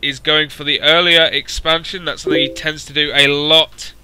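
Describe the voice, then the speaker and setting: Bright-voiced young man commentating a game. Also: a little high, level tone, moderate pace, slight background noise, low-quality recording. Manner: chatty, rambling asides with dry self-mocking humour. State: slightly hoarse.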